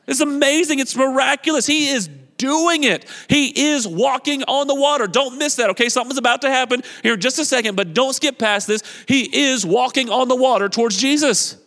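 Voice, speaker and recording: High-voiced male pastor preaching in a hall. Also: a little fast, few pauses. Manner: energetic, exhorting, repeats phrases, acts out quotes. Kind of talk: sermon. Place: church sanctuary. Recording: long reverb of a large hall.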